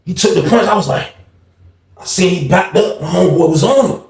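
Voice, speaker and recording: Young man, slangy storyteller who acts out every voice; slightly high pitch, roomy echo. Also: brisk, darkish tone. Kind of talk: casual storytime monologue.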